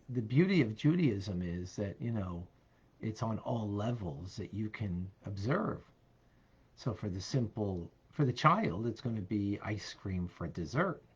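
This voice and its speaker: A man teaching as a rabbi, answering a question casually with many fillers and soft laughs. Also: medium pitch, husky, lo-fi sound.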